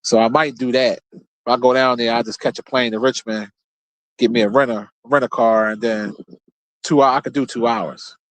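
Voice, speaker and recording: A man's voice: medium pitch, steady tone, moderate pace, a bit bright, no room sound. A man hosting his own show, telling loose, rambling stories in a casual, profane, laid-back way. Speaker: show host. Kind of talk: casual storytelling monologue.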